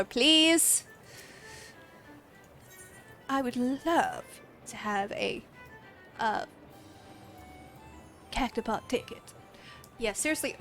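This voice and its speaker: A young woman from Australia streaming a game, chatting casually with viewers, excitable, laughing often and swearing freely. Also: sits high. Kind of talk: casual live-stream chat.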